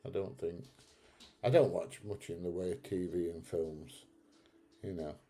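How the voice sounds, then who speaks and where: A Northern English man chats through a livestream, answering comments bluntly with frequent laughs. His voice is very dark and mellow and fairly low. He talks at an unhurried, slow pace. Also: steady tone. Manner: blunt, chatty, laughs often. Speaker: livestream host. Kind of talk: casual livestream chat reading comments.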